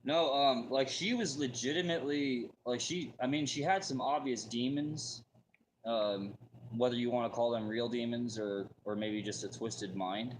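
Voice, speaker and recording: A man's voice: mid-range voice, moderate pace, slight background noise, rough recording. Rambling man telling a story. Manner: rambling, full of fillers and restarts. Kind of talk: casual personal story.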